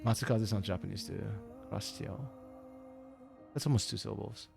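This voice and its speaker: A man's voice: fairly low pitch, steady tone, normal speed, creaky, music in the background. A man co-streaming an esports match, chatting casually and rambling, correcting himself as he goes. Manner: rambling, self-correcting, chuckles often. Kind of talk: casual live-stream commentary.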